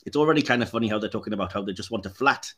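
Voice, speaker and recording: A man's voice: lowish voice, racing. A man hosting a podcast, chatting casually about a film and retelling scenes with lots of laughter. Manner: animated, retells scenes in quoted voices, laughs often. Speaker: podcast host. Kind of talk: casual film review chat.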